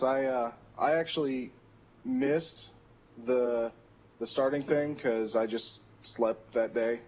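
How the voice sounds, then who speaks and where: A man chats casually on a gaming podcast, relaxed and somewhat hesitant. His voice is husky and mid-pitched. A dull, lo-fi mic muffles it.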